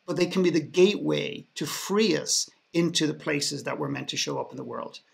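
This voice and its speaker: A man's voice: on the high side, moderate pace, gravelly. An Irish man, a podcast guest, telling a story in a sarcastic way, often restarting his sentences. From Ireland. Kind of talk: storytelling in a panel conversation.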